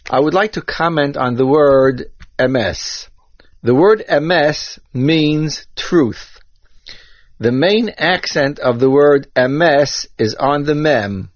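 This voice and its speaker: A man giving a measured lecture on Hebrew grammar, using Ashkenazi Hebrew pronunciation and spelling out terms with care. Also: mid-range voice, dry recording. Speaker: Torah teacher. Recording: dull, dry lo-fi recording.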